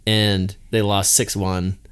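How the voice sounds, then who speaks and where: Smooth-voiced man hosting a podcast. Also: low-pitched, level tone, takes it slowly, a bit bright. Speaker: podcast host. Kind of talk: casual chat.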